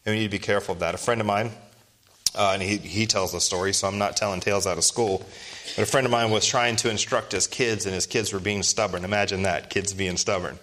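Man in his thirties, pastor, sermon, lowish voice, emphatic, throws out rhetorical questions. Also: fairly even intonation, fast talker, fairly bright tone.

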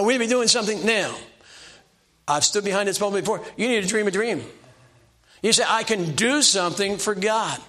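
A man's voice: high voice, fairly bright tone. An older man preaching a sermon from the pulpit in a folksy, self-deprecating way, repeating his exhortations. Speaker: pastor.

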